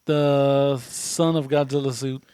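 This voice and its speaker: A man's voice: medium pitch, little pitch movement, slow, dark tone, clear, resonant tone, no echo. A man co-hosting a podcast in casual chat, laid-back and easygoing, swearing casually. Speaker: podcast co-host.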